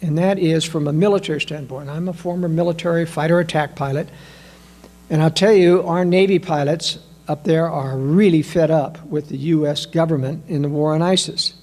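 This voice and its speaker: A man giving a political analysis talk, emphatic and full of rhetorical questions, addressing listeners as ladies and gentlemen. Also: a little high, fairly even intonation, moderate pace. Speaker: political commentator.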